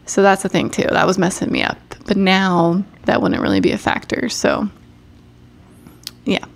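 A woman's voice: mid-range voice, sing-song, moderate pace, gravelly. A young woman co-hosting a casual podcast, talking with a stuffed-up nose, rambling and cutting herself off with frequent laughs. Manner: rambling, self-interrupting, laughs often. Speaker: podcast co-host. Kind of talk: casual chat.

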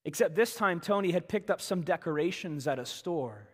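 A male pastor preaching a sermon, telling a story with animated delivery that swings from hushed to loud and emphatic. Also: a little high, moderate pace, slightly rough. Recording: reverberant church hall.

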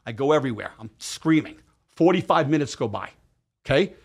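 Animated, emphatic middle-aged man. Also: medium pitch, a little fast, slightly rough. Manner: emphatic, animated retelling with acted quotes and profanity. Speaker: podcast guest. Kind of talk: casual storytelling interview.

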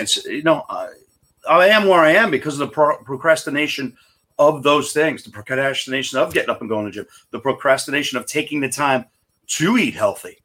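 A man's voice: mid-range voice, sharp tone. A man from Long Island, a guest on a podcast, talking from his office in a chatty, rambling, self-deprecating way. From Long Island, New York. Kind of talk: casual conversation.

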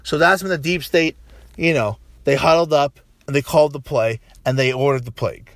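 A man delivering a profane, animated political rant, tagging his points with "right?" and restarting sentences. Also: a little high, fairly quick, dry recording. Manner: frequent "right?" tags and restarts. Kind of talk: casual political monologue.

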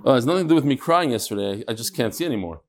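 A man's voice: medium pitch, expressive, very fast. A man teaching a live Talmud class, chatty, joking with the room and mixing Hebrew and Yiddish terms into his English. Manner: chatty, jokes and asides to the room.

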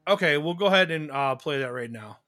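A man's voice: fairly high pitch, expressive, fairly quick, bright, forceful tone. A man hosting a podcast in casual conversation, chatty and rambling with fillers. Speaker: podcast host.

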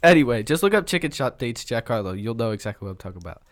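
A man's voice: medium pitch, big pitch swings, rapid-fire. A young man co-hosting a podcast in casual chat, rambling as he retells clips. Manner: rambling retelling full of "like" and "dude". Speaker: podcast co-host.

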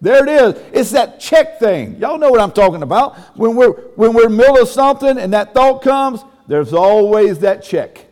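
A man's voice: very high voice, big pitch swings, normal speed, hardly any pauses, a little mellow, in a large hall. A man pastor preaching a sermon in a folksy, emphatic way, with sudden exclamations.

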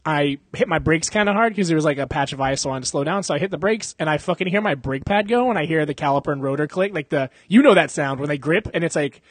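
A man's voice: on the high side, quick pace, few pauses, no echo. A young man casually telling a long story on a podcast, rambling and swearing, with lots of fillers and mouth sound effects.

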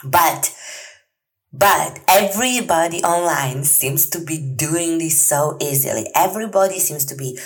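A woman with a low voice hosts a solo podcast. She talks in an earnest, chatty flow, full of fillers and soft laughs. She sounds like she is in her thirties. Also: a little slow, low-quality recording. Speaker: podcast host.

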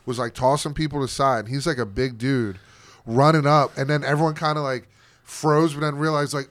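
A man co-hosting a podcast, excitedly recapping a wrestling show in casual, profane chat and acting out what people said. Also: medium pitch, fairly quick, no echo. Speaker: podcast co-host.

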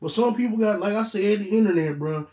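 Young guy podcast host ranting, AAVE, loud and heated, a bit higher voice, echoey lo-fi room. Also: quick pace. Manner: animated, profane, rising to near shouts when heated. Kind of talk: casual solo podcast rant.

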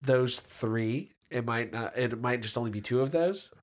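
A man's voice: medium pitch, moderate pace. Hesitant, musing podcast man. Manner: thinking aloud, hesitant restarts, mild joking. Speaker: podcast co-host. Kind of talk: casual chat.

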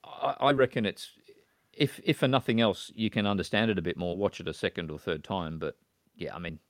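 Easygoing low-voiced male podcast host. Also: brisk, dry recording, studio quality. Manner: chatty, easygoing, rambling. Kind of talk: casual film discussion.

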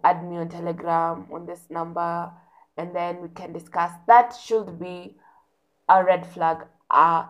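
A young woman tells a story in a casual, emphatic rant. She talks slowly and draws out her words, with a fairly low voice. She repeats words and phrases to hammer her point home.

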